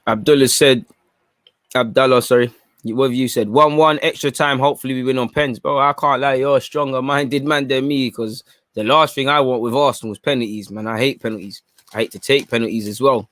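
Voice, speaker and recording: A man's voice: mid-range voice, steady tone, fairly quick, fairly bright tone, dry recording, clean studio sound. A young man giving chatty live commentary during a football watchalong stream and reacting to viewer comments.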